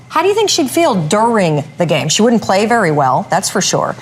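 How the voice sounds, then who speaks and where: Middle-aged woman, interview guest, emphatic, widely varied pitch, faint background noise. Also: brisk, hardly any pauses. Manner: animated, emphatic, advice-giving.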